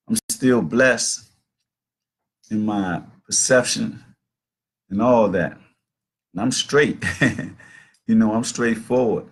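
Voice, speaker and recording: Hosting a talk show, a roughly sixty-year-old man spins stories in a casual, earnest, loosely structured monologue full of "you know" and "man." His voice sits on the low side, fairly bright in tone with a breathy edge.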